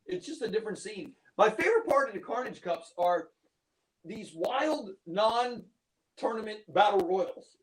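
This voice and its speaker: A man hosting an interview in casual chat, eager and quick to chime in with agreement. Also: high voice, expressive, rough recording. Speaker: interview host.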